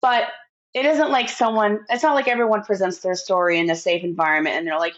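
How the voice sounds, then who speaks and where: A woman's voice: mid-range voice, fairly even intonation, fast talker. A woman hosts a podcast interview in an eager, chatty way, sharing her own thoughts freely. Her voice sits in a mid range. The recording sounds dull and lo-fi. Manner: enthusiastic, chatty. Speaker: podcast host.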